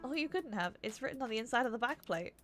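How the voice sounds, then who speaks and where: A woman reading the lines of a gentle young woman violinist, polite and soft-spoken. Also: fairly high pitch, lively intonation, fast talker, soft background music. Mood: wistful.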